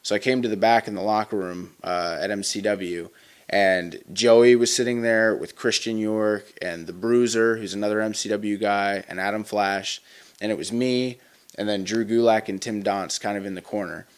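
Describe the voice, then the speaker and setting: Young man, lowish voice, casual storyteller, loose and rambling, interview guest. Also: fairly even intonation, moderate pace, clear, resonant tone. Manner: rambling, many fillers and restarts.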